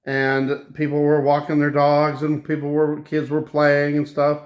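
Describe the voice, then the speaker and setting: A man hosting his own channel, recounting a dream in a slow, halting casual monologue with many restarts. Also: on the high side, completely flat delivery, muffled recording. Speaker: channel host.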